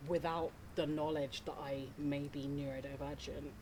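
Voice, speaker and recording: A woman in a casual mental health chat, speaking in a measured, articulate way. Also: low-pitched, flat delivery, noisy background.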